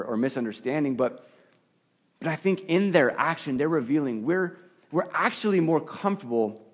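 Man telling a story from the pulpit. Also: medium pitch. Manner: storytelling, animated, self-deprecating, frequent restarts. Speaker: pastor. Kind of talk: sermon with personal story.

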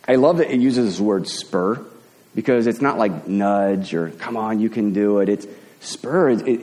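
Man, pastor, sermon, low mellow voice, halting repeated words, reverberant hall. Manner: halting, repeats words while building a point.

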